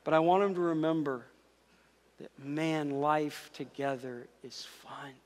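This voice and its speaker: A middle-aged man preaching a sermon, emphatic and repetitive, sometimes dropping to a hush, then leading a closing prayer. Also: a little high, unhurried, in a large hall. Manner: emphatic, repeats phrases, rising and dropping to near whisper. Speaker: pastor.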